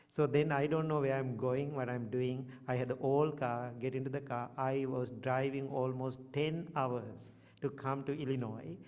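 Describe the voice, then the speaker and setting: A man's voice: medium pitch, a little mellow. A man, a Buddhist monk, telling a humorous, self-deprecating story to a congregation in simple, English. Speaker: Buddhist monk giving a talk. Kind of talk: storytelling dharma talk. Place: congregation hall. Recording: hall reverb.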